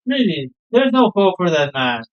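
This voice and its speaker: A man's voice: high-pitched, big pitch swings, moderate pace, clear, resonant tone, highs cut off. A man reading a fussing, fond mother. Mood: chiding. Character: fussing middle-aged mother, fond and exasperated. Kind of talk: reading game dialogue aloud.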